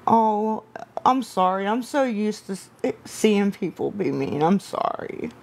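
A woman's voice: mid-range voice, animated, a little slow, gravelly, slight background noise. A woman hosting a late-night live stream, answering viewer comments in a weary, apologetic way while tired and upset. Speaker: livestream host.

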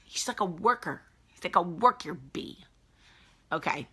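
Woman host, forties, fairly low pitch but a vivid, forceful tone; chatty at-home live chat, calls out viewers by name. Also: expressive, a little slow, slightly rough. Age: 40s. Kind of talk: casual morning live chat.

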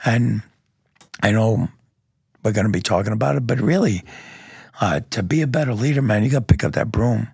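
A man's voice: fairly low pitch, brisk, vocal fry, pauses often, a little mellow, slightly rough, no echo, clean studio sound. A middle-aged man, a police lieutenant, speaking as a podcast guest in an earnest, blunt, plainspoken way, with some mild cursing. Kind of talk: candid interview storytelling.

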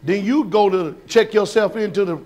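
High-voiced preacher man. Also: normal speed. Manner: folksy, animated, shouts and laughs; questions the congregation. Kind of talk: sermon.

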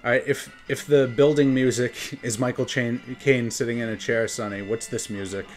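A man's voice: mid-range voice, steady tone, moderate pace. A man from New York with a New York accent, chatting casually as a game streamer and rambling between topics. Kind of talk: casual gameplay commentary. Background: faint game music.

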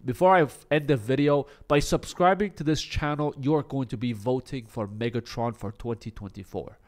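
A man's voice: mid-range voice, normal speed. A young man vlogging comedic political commentary in a mocking, sarcastic way.

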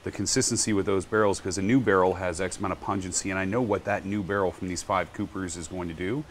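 A man's voice: sits low, quick pace, a little hiss or hum. A man, a winemaker, telling stories in a casual podcast interview and acting out what others said. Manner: animated storyteller, acts out quotes. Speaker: guest winery owner and winemaker.

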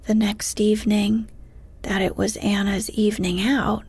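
A woman narrating a bedtime story in a soft, whispered, slow and hushed way. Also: medium pitch, little pitch movement, no echo. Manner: slow, hushed, breathy delivery.

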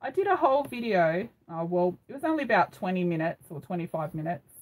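With a lowish, sing-song voice and a fast delivery, a middle-aged Australian woman hosts a craft live stream. She rambles casually, saying um frequently, and the phone recording is low quality.

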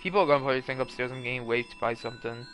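A man's voice: medium pitch, rapid-fire, a bit bright, soft background music. Swearing laid-back gamer guy. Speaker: gamer commentating a let's play. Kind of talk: casual game commentary. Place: room in a house, at home.

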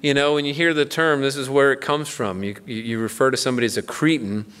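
A man's voice: medium pitch, steady tone, quick pace, fairly bright tone, clean tone. A middle-aged man, a pastor, teaching the Bible in a casual, conversational way and acting out a story with playful voices. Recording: long hall reverb.

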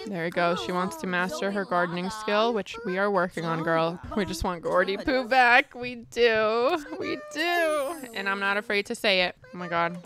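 A woman's voice: medium pitch, normal speed, few pauses, crowd noise. A young woman giving dramatic, exasperated casual commentary while playing a life-sim game. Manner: dramatic, exasperated, mild cursing. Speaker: gaming streamer.

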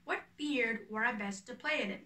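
Reading the role of an eager, boastful weaver who dabbles in amateur acting, a woman uses a bright tone that's slightly high for her gender. The room echoes, she's far from the microphone, and her pace is moderate.

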